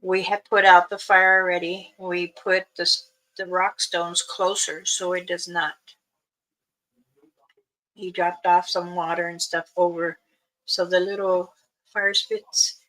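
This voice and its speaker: A woman, a spiritual elder, telling a story in casual spoken style, unhurried, pausing and restarting. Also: on the low side, flat delivery, a bit bright, rough recording.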